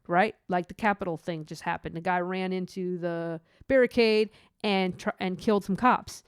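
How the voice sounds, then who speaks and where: A middle-aged woman talks in an unscripted, earnest monologue, circling back and restarting her sentences as she works through an idea. Her voice sits at an ordinary middle pitch. The sound is dry and close, with no room around it. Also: normal speed, no echo. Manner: earnest, rambling, with frequent restarts. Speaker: christian vlogger. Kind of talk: unscripted spoken reflection.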